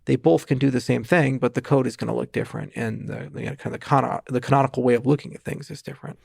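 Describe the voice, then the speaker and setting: Gravelly man explaining at length. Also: mid-range voice, fairly even intonation, a little mellow, no room sound, studio quality. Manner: fast, technical explaining with asides and restarts. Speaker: guest, blockchain founder. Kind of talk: podcast interview.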